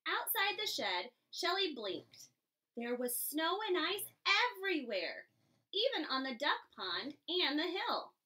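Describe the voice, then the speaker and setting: A woman reading a children's picture book aloud, giving each animal its own expressive voice. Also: high-pitched, slow. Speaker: storybook reader. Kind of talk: children's story read-aloud.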